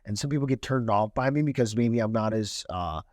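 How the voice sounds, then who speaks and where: A man's voice: lowish voice, fairly quick, no echo. Candid streetwise young man, dry sound. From Cleveland, Ohio. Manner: candid, streetwise, swears freely. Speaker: podcast guest, investor. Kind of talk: casual storytelling.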